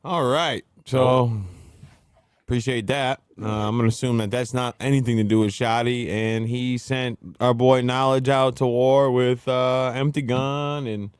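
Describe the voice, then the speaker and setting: A man hosting a podcast, chatting casually, laughing often and breaking into disbelieving shouts. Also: medium pitch, fairly even intonation, measured pace, smooth, no room sound, clean studio sound. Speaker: podcast host. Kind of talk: casual chat.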